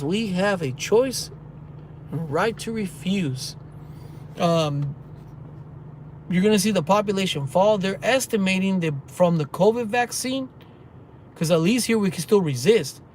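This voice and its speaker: A man with a high voice rants heatedly while he walks outdoors at night. He speaks into a phone and reads viewer comments aloud as he goes. Faint traffic hum sits underneath. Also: darkish tone. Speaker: vlogger. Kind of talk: rambling walking vlog.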